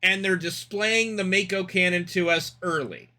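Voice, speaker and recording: Young male streamer, excitable rambler, high and bright tone. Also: moderate pace. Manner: excitable, rambling, swears freely. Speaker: streamer reacting to a game trailer. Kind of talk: casual live-stream commentary.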